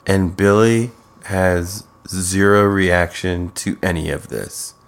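A man's voice: low-pitched, steady tone, slow, clean tone. A man co-hosting a podcast, chatting casually and hesitantly as he recaps a TV show. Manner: hesitant, with frequent restarts and "like". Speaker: podcast co-host.

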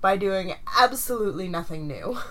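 A woman's voice: mid-range voice, expressive, moderate pace, bright, forceful tone, low-quality recording. A woman co-hosting a podcast in casual chat, rambling with many ums and frequent laughter. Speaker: podcast co-host.

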